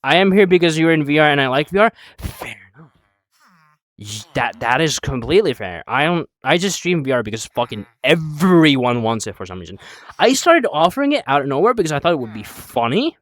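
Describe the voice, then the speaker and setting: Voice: medium pitch, very animated, fairly quick, a bit bright. A young adult streamer chatting casually while playing a VR game, rambling, swearing and answering chat, a bit out of breath.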